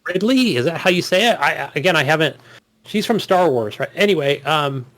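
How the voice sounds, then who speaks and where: A man's voice: fairly high pitch, lively intonation, fairly quick, a bit bright. A man co-hosting a gaming podcast, chatting casually in a rambling, profane way. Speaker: podcast co-host.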